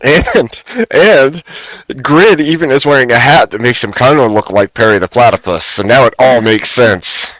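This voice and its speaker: A man's voice: mid-range voice, moderate pace, a bit bright, dry recording. A man hosting a live stream, chatting casually and joking with much laughter.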